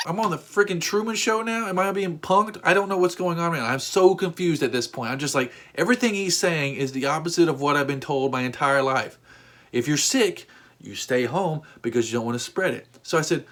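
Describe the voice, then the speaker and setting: A man's voice: fairly high pitch, brisk, fairly bright tone. A man hosting a storytime vlog, telling an exasperating story with rising outbursts. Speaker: vlog host.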